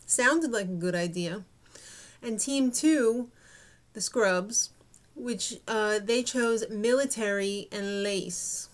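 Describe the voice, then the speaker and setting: A woman's voice: fairly high pitch, slow. A young woman giving a snarky, gossipy recap of a reality show. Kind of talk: casual TV recap commentary.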